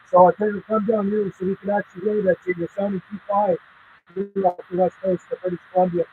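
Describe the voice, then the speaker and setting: A man's voice: sits high, level tone, fast talker, narrow, tinny audio, a little hiss or hum. A man operating a CB radio from a west coast island, chatting casually and trading call signs in a friendly way. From Canada. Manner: friendly, chatty, trails off with uhs. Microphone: radio microphone.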